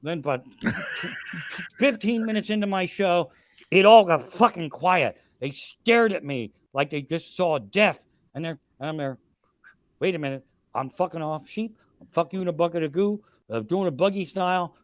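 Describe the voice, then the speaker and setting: Older guy in his 60s rambling through cussing comedy stories, kinda high voice, dry close sound. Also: a little slow, no room sound. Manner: profane, animated storytelling with loud punchlines. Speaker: comedian guest telling stories. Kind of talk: casual storytelling on a live podcast.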